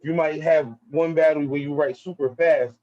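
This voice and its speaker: A man's voice: a little high, steady tone, moderate pace, no echo, lo-fi sound. A young man with a Brooklyn accent, a battle rapper talking casually as an interview guest in street slang. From Brooklyn, New York. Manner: laid-back street slang, keeps saying "you feel me".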